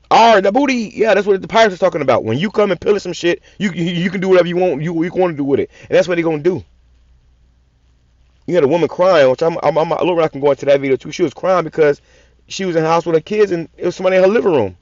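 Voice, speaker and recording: A man's voice: sits high, quick pace, no echo. A man preaching scripture in a raw, profane style, repeating words in stammering runs and swearing often. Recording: dull lo-fi sound.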